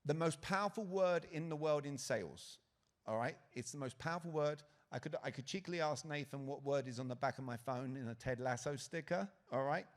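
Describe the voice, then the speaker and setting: A man giving a live sales talk at a conference, asking the audience questions and acting out quotes. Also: a little high. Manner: lively, asks the audience questions, acts out quotes. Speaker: conference speaker. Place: conference hall stage.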